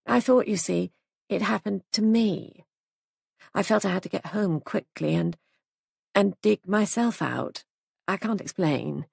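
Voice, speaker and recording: Woman doing a quiet, haunted young deserter. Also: medium pitch, gravelly, slightly rough, dry recording, studio quality, full character voice. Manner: quiet, halting, confessional. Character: troubled young male army deserter.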